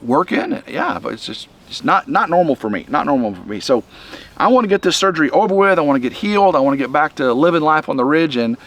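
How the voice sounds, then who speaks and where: A middle-aged man, talking to the camera outdoors in the wind in a halting, rambling way, a little chest-congested. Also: fairly high pitch, very animated, fairly bright tone. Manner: rambling, halting, many restarts. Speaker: vlog host. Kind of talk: casual rambling vlog.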